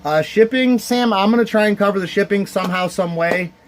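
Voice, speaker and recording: A man's voice: sits high, brisk. A man from the Cleveland area hosting a casual livestream charity card auction, heartfelt and rambling as he thanks viewers by name. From Cleveland area, United States.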